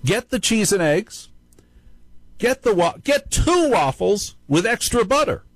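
A man's voice: high-pitched, big pitch swings, unhurried, dry recording, pitched above the performer's own voice, heavily acted. A man voicing the devil as a coaxing tempter, urging indulgence. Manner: coaxing, wheedling.

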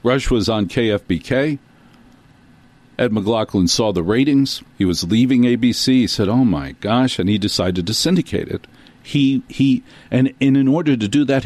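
A man's voice: mid-range voice, normal speed, a little mellow. A man from New Jersey who hosts a talk show, telling a rambling, self-deprecating story full of asides. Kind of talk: storytelling monologue.

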